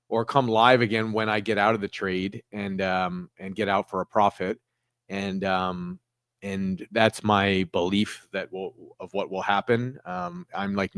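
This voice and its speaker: Low-voiced man talking through trades. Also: no room sound, clean studio sound. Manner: rambling, with many fillers and restarts. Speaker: trading livestream host. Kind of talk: casual livestream talk walking through trades.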